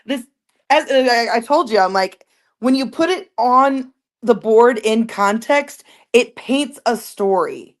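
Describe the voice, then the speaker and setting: A woman's voice: on the high side, lively intonation, slow pace. A woman guest researcher in a casual true-crime chat, rambling with many filler words.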